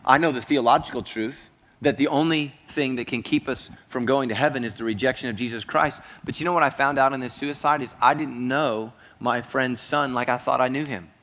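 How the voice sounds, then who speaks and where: Male pastor, earnest storytelling sermon, mid-pitched voice that sinks to a hush, long church reverb. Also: fairly quick. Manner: earnest, dropping to a hushed voice for heavy moments.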